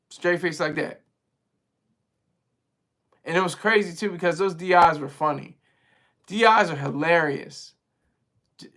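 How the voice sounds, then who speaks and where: A man with a somewhat high, gravelly voice hosts a casual livestream and talks straight to his viewers. He rambles in a chatty way and is quick to laugh. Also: fairly bright tone. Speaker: livestream host reading viewer chat.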